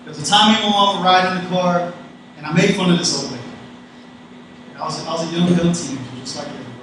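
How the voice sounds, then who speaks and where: A man's voice: high voice, fairly even intonation, fast talker, fairly bright tone. Folksy man in an echoey hall. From North Carolina. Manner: casual, folksy, addresses audience directly. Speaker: guest speaker. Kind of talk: graduation speech. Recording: echoey hall, distant mic, noisy.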